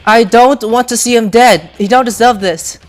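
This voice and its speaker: A woman giving let's play reaction commentary, excitable, with loud outbursts and swearing. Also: a little high, moderate pace, soft background music. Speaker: gaming YouTuber.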